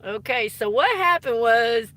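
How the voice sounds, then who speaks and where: A woman's voice: fairly high pitch, animated, unhurried, sharp tone, slight background noise. A woman chatting casually on a live stream, giggly and teasing, often dropping into embarrassed whispers. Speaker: artist live-streaming to viewers. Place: home art studio.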